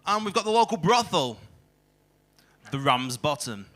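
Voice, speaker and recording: A man's voice: fairly high pitch, big pitch swings, unhurried, a bit bright. A young man doing a crude, self-mocking stand-up set in a comedy club, teasing the crowd. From England.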